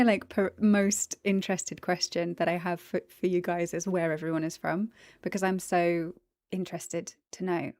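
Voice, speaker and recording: A woman's voice: mid-range voice, darkish tone, no echo, studio quality. A woman chatting casually on a livestream, greeting viewers, giggling, tired after the gym. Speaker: streamer.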